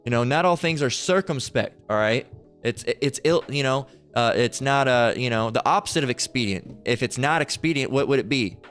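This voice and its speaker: A man's voice: medium pitch, normal speed, a bit bright, clean tone, faint music behind. A man giving heated religious commentary. He talks bluntly and profanely and keeps checking in with "all right?".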